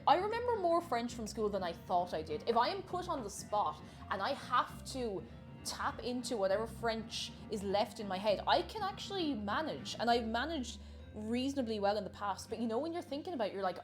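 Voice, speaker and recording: Chatty Irish woman streaming a cooking session. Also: fairly high pitch. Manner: chatty, reads chat aloud and answers viewers. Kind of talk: casual live-stream cooking chat.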